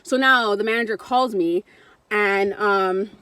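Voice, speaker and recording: A woman's voice: mid-range voice, measured pace, bright, forceful tone, clean tone, no echo. A young adult woman vlogger telling a casual story, blunt and profane, acting out what other people said.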